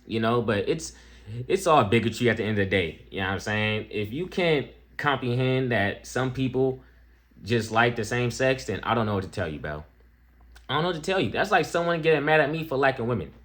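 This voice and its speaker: A young man reacting to a video in casual, profane talk, laid-back but jumping into excited peaks. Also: lowish voice. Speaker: reaction streamer.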